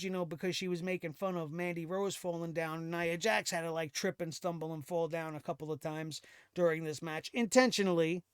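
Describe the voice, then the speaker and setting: A man with a fairly high, smooth, resonant voice rants through a casual show recap, sarcastic and exasperated, chuckling now and then. The sound is dry and close, with no room around it. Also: dry recording. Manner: sarcastic, exasperated ranting with laughs. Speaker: wrestling show host.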